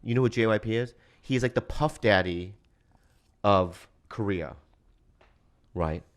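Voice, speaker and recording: A man chatting on a podcast as the guest, an animated storyteller who mimics other voices. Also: lowish voice, a little slow. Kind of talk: casual podcast chat.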